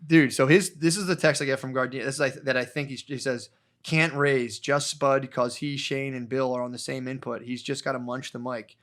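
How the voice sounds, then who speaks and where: A man's voice: mid-range voice, steady tone, a little fast, a bit bright. A man hosting a podcast, telling a rambling, profane story and laughing as he goes. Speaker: podcast host. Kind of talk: casual storytelling chat.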